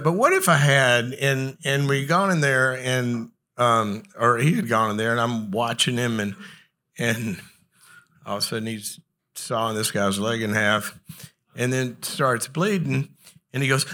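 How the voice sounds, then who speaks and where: A man's voice: medium pitch, normal speed. A middle-aged man, a psychologist, giving a humorous talk to an audience and acting out dialogue in his anecdotes. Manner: animated, acts out dialogue in anecdotes. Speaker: psychologist and speaker.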